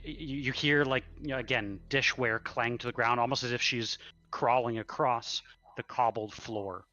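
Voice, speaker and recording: Male dungeon master, slow halting narration, bright tone, muffled lo-fi sound. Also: medium pitch. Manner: halting, searches for words. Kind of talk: narrating a tabletop game.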